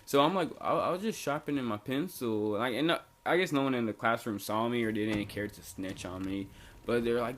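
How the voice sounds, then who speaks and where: A man's voice: medium pitch, brisk, fairly bright tone, slight background noise. A young man casually telling a story from his school days, rambling and slangy with lots of fillers and restarts. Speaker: storytelling vlogger.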